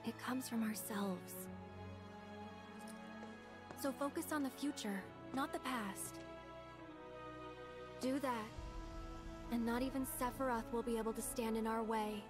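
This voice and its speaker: A woman's voice: a little high, a little slow, long pauses, close to an everyday voice. A woman voicing an earnest young heroine. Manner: earnest, encouraging. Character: earnest young woman rallying her friends. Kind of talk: video game dialogue. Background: game music.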